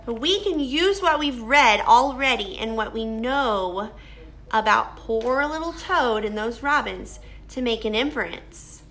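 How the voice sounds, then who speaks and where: Woman teacher reading a picture book to kids, going slow, asks them questions, clear bright voice a bit high. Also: lively intonation. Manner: slow, questioning, explaining to children.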